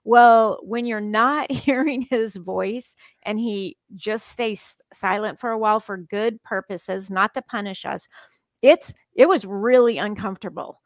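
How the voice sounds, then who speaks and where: Earnest, animated woman podcast guest. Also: medium pitch, measured pace, no room sound. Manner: animated, laughs often, earnest storytelling. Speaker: podcast guest, psychologist and author. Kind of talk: casual conversational interview.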